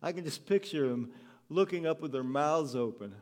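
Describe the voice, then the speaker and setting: A man preaching a sermon to a congregation, telling the story earnestly and growing soft and tender as he speaks. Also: fairly high pitch, normal speed. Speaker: pastor. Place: church hall with a congregation.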